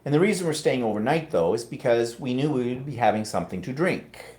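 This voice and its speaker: A man's voice: mid-range voice, expressive, fast, darkish tone. A middle-aged Canadian man with a Canadian accent, chatting casually on a live stream and reading out viewer comments.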